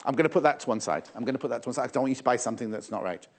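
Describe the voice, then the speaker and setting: A man's voice: mid-range voice, animated, racing. A man presenting fabrics live on a shopping channel, chatty and teasing, often repeating prices and stock levels.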